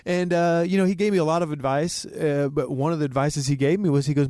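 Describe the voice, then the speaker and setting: A man's voice: fairly high pitch, steady tone, quick pace, few pauses, darkish tone, no room sound, clean studio sound. Southern-accented man telling a story. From Oklahoma. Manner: rambling, with many restarts and fillers. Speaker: podcast guest, actor. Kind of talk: casual storytelling.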